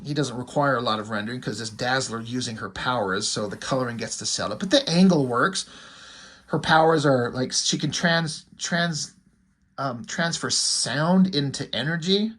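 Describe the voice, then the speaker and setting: A man's voice: mid-range voice, lively intonation, moderate pace, a bit bright, slightly rough. A man giving a casual, rambling comic book review, full of "like" and "you know" and blunt, mocking asides. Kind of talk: casual video commentary.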